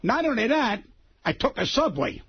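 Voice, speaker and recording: A man's voice: extremely high pitch, big pitch swings, moderate pace, slight background noise. A man in his seventies, a comedian guest on a radio show, talking bluntly and profanely in a brash, combative way. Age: 70s. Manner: brash, blunt and profane, heavy New York street grammar. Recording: dull lo-fi radio studio audio.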